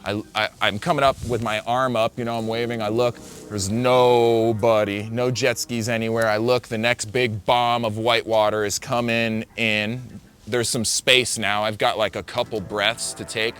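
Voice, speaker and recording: A man's voice: on the low side, level tone, normal speed, a bit bright. A young man, a big wave surfer, recounting a near-death wipeout in vivid, breathless storytelling full of fillers.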